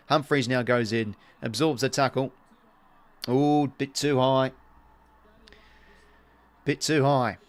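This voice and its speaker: A man's voice: medium pitch, clean tone. An Australian man giving casual live play-by-play commentary on a stream, chatting to viewers between calls.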